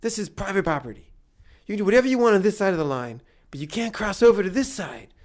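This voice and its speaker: A man's voice: high-pitched, huge pitch swings, racing, a little mellow, pitched above the performer's own voice, exaggerated voice. A man voicing a stern, condescending middle-aged man who lectures someone about private property. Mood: scolding. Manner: condescending, scolding.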